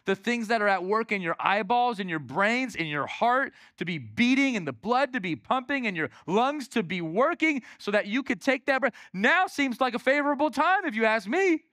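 A male pastor preaching a lively sermon in church, calling out to the congregation. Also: very high voice, normal speed, hardly any pauses, no echo, studio quality. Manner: energetic, calls out to the congregation.

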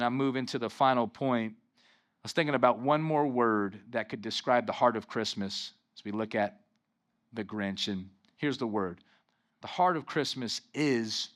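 A man's voice: mid-range voice, fairly bright tone. A pastor preaching a sermon, emphatic and calling out to his congregation for responses.

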